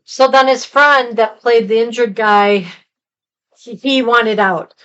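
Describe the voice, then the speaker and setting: A woman's voice: a little high, slow pace, fairly bright tone, clean tone, dull audio. A woman co-hosting a casual movie review chat, recapping the plot in a rambling way with lots of fillers. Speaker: podcast co-host.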